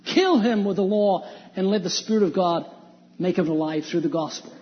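High-voiced man preaching in reverberant hall. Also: normal speed. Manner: emphatic, with rhetorical questions. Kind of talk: evangelistic sermon. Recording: dull lo-fi sound with long hall reverb.

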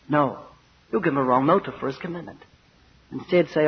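Emphatic preacher, a man, high voice. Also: fast talker. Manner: earnest, emphatic, acts out anecdotes. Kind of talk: evangelistic sermon. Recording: dull lo-fi recording with faint noise.

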